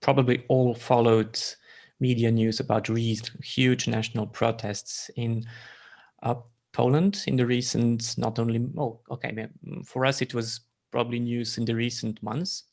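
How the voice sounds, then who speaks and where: A man's voice: mid-range voice, flat delivery, unhurried, creaky, a little mellow. A man moderating an online panel, introducing guests in a friendly way. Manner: friendly, laughs often. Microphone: video call.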